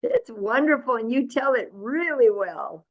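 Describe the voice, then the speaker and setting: A woman storyteller chats with a friend over a video call, warm and appreciative. She speaks slowly in a slightly high voice. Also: very animated, dull audio. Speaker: fellow storyteller. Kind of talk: casual chat.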